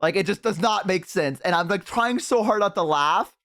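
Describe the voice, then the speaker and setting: A man's voice: high voice, normal speed. Profane laughing streamer man. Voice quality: profane, laughs hard and loud. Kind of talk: casual storytelling to chat. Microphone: headset.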